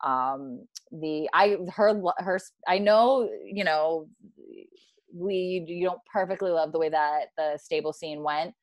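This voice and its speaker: A woman hosting a casual fan discussion, animated and acting out lines she quotes, with plenty of fillers. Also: low voice, a little slow, dry recording. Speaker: podcast host.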